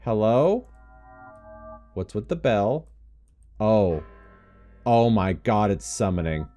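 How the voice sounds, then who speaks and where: An excitable man narrates his game as he plays, his pitch leaping around as he jokes and yelps. Faint game music runs quietly behind his voice. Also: slow pace. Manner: excitable, jokey, yelps and laughs. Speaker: gaming YouTuber. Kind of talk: Let's Play commentary.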